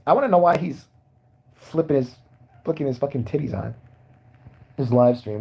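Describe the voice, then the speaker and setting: Crude, joking male streamer with a husky voice. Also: mid-range voice, lively intonation, moderate pace, long pauses. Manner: crude, loud and joking, reacting to chat. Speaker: live streamer. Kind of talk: casual livestream chat.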